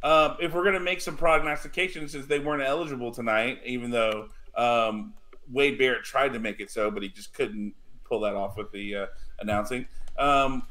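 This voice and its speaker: Male podcast host, mid-pitched voice, halting, lots of ums, casual chat. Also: steady tone, bright, forceful tone. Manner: halting, many ums, asks the panel questions.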